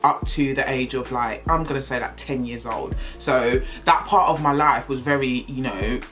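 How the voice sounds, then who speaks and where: A woman's voice: extremely low pitch, normal speed, a bit bright, faint music behind. A woman in her twenties with an Essex accent, chatting casually to camera in a confessional vlog, laughing often. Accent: Essex English. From Essex, England. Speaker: vlogger.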